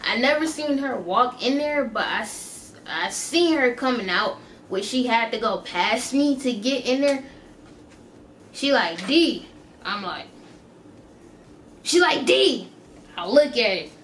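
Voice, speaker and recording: A young woman vlogger telling a story in a casual, animated way, laughing often and tossing in slangy asides. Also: fairly high pitch, takes it slowly, long pauses, slight background noise.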